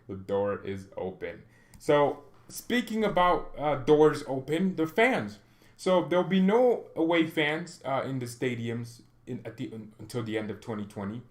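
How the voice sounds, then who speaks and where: A man hosting a fan channel, ranting in a chatty, animated way and often tagging sentences with questions. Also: medium pitch, unhurried. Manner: animated ranting with bursts of loud exclamation; chatty, frequent "right?" tag questions. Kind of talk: casual opinion vlog.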